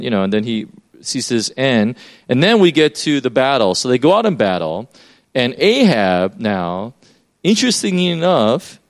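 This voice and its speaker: A man preaching a sermon in a loose, conversational way, explaining as he goes with many fillers and restarts. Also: mid-range voice.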